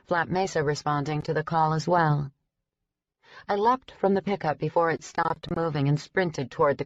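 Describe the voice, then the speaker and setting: A woman narrating an urban fantasy audiobook in the first person, in a brisk storytelling manner. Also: low voice, no room sound, muffled recording. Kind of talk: scripted narration.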